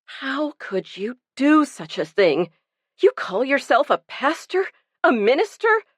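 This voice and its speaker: A woman reading the part of a sharp, determined amateur sleuth who questions bluntly and firmly. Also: on the high side, big pitch swings, a little slow, no room sound, clean studio sound, pitched above the performer's own voice. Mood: outraged.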